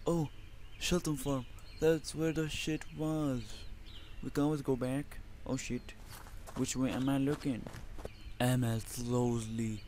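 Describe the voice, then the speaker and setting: A man from Lebanon hosting his own channel, giving excitable, profanity-heavy commentary on a survival game and talking trash at the enemies. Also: on the high side, slight background noise. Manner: excitable, swears constantly, talks to the enemies. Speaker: gaming channel host.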